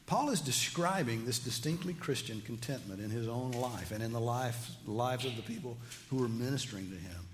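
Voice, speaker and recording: A man's voice: mid-range voice, lively intonation, normal speed, few pauses, slight background noise. A man preaching a sermon, reading scripture aloud and explaining it with rising emphasis. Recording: long hall reverb, faint ambience.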